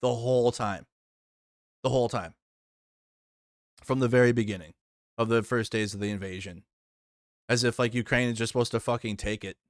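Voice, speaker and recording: A man ranting angrily into a close, dry mic, swearing constantly as he reacts to the news. His voice sits at a mid pitch and he hammers the same points again and again. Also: steady tone, moderate pace, pauses often, dry recording. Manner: heated, swearing, repetitive. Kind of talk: profane angry rant.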